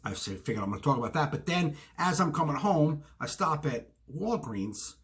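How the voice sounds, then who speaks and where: A man's voice: fairly high pitch, sing-song, moderate pace, a bit bright. A man telling an exasperated story in a solo rant for a podcast he co-hosts, full of asides. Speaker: podcast co-host. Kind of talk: ranting solo monologue. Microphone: self-recorded video.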